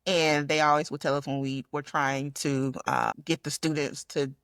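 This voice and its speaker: A woman's voice: sits low, level tone, normal speed, a bit bright, no room sound. A woman hosting an interview, affirming her guest and adding her own reflections. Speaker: podcast host. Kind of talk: interview chat.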